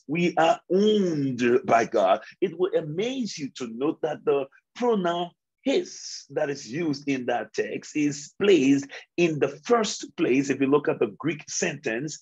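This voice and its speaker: A pastor from Liberia preaching a devotional sermon, slow and emphatic, repeating his key phrases. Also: a little high, a little mellow, breathy edge, muffled recording.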